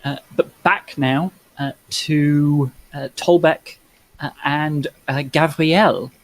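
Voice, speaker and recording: Halting male game master. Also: fairly high pitch, fairly even intonation, rough recording. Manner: halting, descriptive narration. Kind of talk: narrating a tabletop game.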